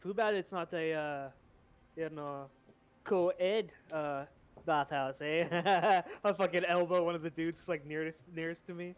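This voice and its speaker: A man with a fairly high voice trades jokes and laughs easily as he plays his character. The audio is a little dull and muffled, like a typical voice-chat line. His delivery is loose and playful. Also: fairly even intonation, unhurried, smooth. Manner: joking, laughs often. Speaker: tabletop role-play player. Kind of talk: casual joking chat in voice call.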